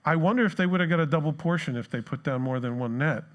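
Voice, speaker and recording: Man preaching a lively sermon. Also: on the high side, fast. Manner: animated storytelling, acts out crowd voices. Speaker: pastor. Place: church.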